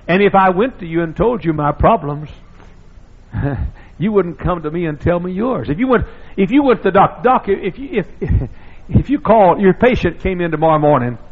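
An older man from the South, a pastor, preaching a sermon, husky and gravelly, and now and then breaking into sudden loud shouts. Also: a little high. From American South. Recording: dull lo-fi sermon recording.

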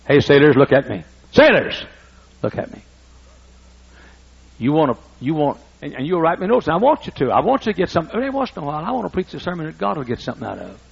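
A man in his sixties preaches emphatically, repeating phrases as he builds to shouts. His voice sits high for a man, swings widely, and has a gravelly, husky grain. The recording sounds dull and lo-fi. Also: sing-song, rapid-fire, few pauses. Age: 60s. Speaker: pastor. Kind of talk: sermon.

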